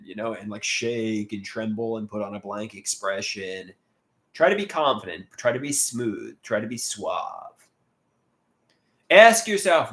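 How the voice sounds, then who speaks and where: A man's voice: on the low side, very animated, measured pace, fairly bright tone. A man hosting a casual livestream, reading viewer comments aloud and answering them, often repeating words and restarting as he goes. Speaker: livestream host.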